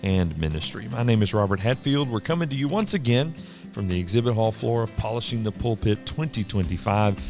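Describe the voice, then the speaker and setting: Over music, a man with a voice on the low side chats a little fast and animatedly. Hosting a podcast interview on a convention hall floor, he keeps things casual and jokey, laughing frequently with his guest.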